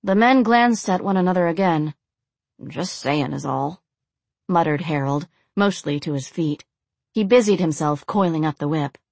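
A woman narrating a dark story in a steady, even reading voice. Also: on the low side, normal speed, dry recording.

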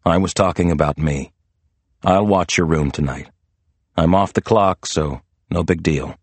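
A man voicing a calm, protective detective who speaks in a steady, reassuring way, in a storybook reading. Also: low-pitched, measured pace, no echo.

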